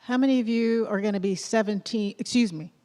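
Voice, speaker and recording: A woman's voice: mid-range voice, a little fast. Southern woman speaking in a reverberant theater. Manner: chatty, encouraging, rising to loud rallying questions. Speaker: college president. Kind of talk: off-script welcome speech. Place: large theater. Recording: long reverb of a large theater.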